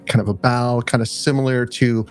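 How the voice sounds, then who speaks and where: A man playing a tabletop game over an online call, describing his character's moves. His pitch is middling, and he rambles with many fillers and restarts. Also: steady tone, normal speed, faint music behind. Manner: rambling, many fillers, acts out lines in a high voice. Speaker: player.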